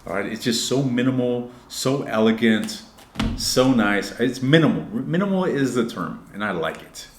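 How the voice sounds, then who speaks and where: A man's voice: medium pitch, animated, moderate pace, slight background noise. A man giving a casual tarot reading to camera, blunt and profane, talking straight to his viewers and moving between joking asides and earnest advice. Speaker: tarot reader. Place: indoor room. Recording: roomy echoey room.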